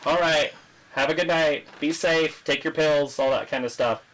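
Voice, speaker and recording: A man with a somewhat high voice hosts a casual wrestling watch-along. He is going hoarse, chats loosely and drops jokey asides between viewer comments. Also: moderate pace, a bit bright, poor audio. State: losing his voice. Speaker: livestream host.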